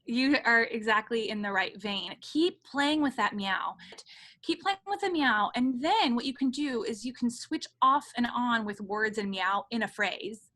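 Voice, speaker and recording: A woman's voice: a little high, animated, a little slow, bright, forceful tone. A woman voice teacher running an online lesson over a video call, often demonstrating with sung meows.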